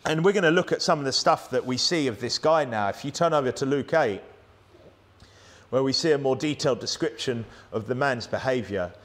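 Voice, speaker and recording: A man with a British accent delivers a sermon in a church. He talks in a loose, conversational way, often restarting sentences and tossing in tag questions. His voice sits at a middling pitch. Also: lively intonation, fairly quick, fairly bright tone. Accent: British English. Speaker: preacher. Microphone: plugged-in microphone.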